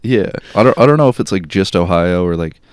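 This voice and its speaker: A man's voice: deep voice, animated, brisk, clean tone. A young man co-hosting a podcast, telling a story in casual chat, rambling with many fillers and swears. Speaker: podcast co-host.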